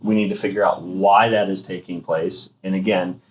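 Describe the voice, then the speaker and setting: A man's voice: sits low, fairly even intonation, poor audio. A man co-running a thermography clinic, explaining health screening emphatically in a casual discussion. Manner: emphatic, explanatory, fast-flowing.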